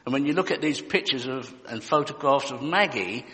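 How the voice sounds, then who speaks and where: A man preaches in a loose, conversational way and breaks in with jokes and asides. His voice is bright and forward. A long church-hall reverb hangs behind him. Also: mid-range voice, animated, brisk. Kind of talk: sermon.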